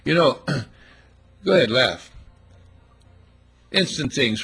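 A man's voice: medium pitch, lively intonation, extremely slow, fairly bright tone, breathy edge. A man preaching a sermon, emphatic and full of rhetorical questions, acting out little scenes as he goes.

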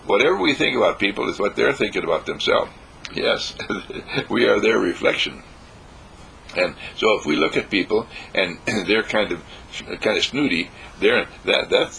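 A man's voice: fairly low pitch, creaky, pushed and bright, slight background noise, low-quality recording. A man giving an inspirational lecture, exuberant and laughing often, building his points through repeated affirmations. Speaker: motivational speaker.

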